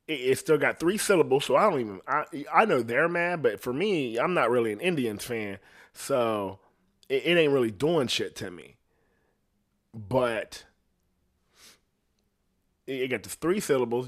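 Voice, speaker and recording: A man hosting his own podcast, talking casually in a rambling, profane way and laughing at his own jokes. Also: mid-range voice. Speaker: podcast host. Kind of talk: casual solo podcast rant.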